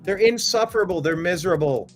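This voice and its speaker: This is a talk-show host from the Cleveland area with a slightly high voice. He is chatty and jokey, and he bursts into loud, excited outbursts. Faint music plays underneath his voice. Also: quick pace. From Cleveland, Ohio area. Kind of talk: political talk show chat.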